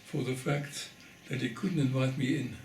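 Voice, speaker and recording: An older man from the Netherlands giving an oral history testimony, telling his story in a measured way and pausing for weight. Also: mid-range voice, steady tone, a little mellow, echoey room, slight background noise. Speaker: interviewee.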